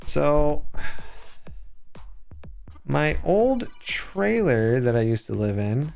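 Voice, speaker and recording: A man streaming live, chatting casually with his viewers and telling rambling, animated stories. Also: a little high, drawn-out words, creaky, soft background music. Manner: rambling, animated storytelling with chat shout-outs.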